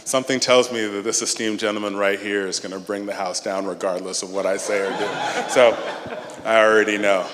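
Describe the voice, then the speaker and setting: A man speaking at a church conference, answering audience questions in a measured, emphatic way. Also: on the low side, fairly even intonation, noisy background. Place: large hall. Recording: hall with long reverb.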